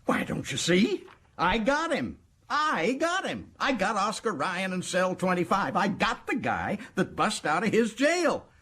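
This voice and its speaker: An actor playing a boastful, folksy prison governor in a radio drama, with a husky voice and a gloating drawl. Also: male voice, sits high, sing-song, unhurried, pushed and bright, heavily acted. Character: boastful middle-aged American prison governor. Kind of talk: 1980s radio drama acting.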